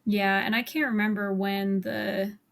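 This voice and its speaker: Brief: young female co-host, level gravelly delivery, drifting chatty anecdote. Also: mid-range voice, steady tone, measured pace, fairly bright tone. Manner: chatty, filler-heavy, drifting. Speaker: podcast co-host. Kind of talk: casual storytelling chat.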